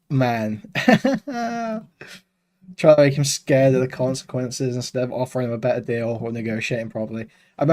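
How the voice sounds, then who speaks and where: A man's voice: medium pitch, darkish tone. A man doing casual reaction commentary on a stream, in a mocking, amused tone.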